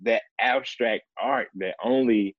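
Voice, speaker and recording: A young man, a professional baseball player, telling a personal story in a relaxed, earnest way, leaning on "like" and "man" as he talks. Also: medium pitch, slow pace, no room sound, lo-fi sound. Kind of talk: casual storytelling in conversation.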